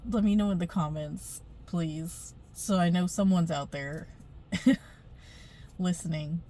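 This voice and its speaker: A woman's voice: lowish voice, warm tone. Chatty rambling woman vlogging on her phone. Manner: rambling, chatty, laughs often, many fillers. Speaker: spiritual vlogger. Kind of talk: casual storytime vlog. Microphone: phone camera.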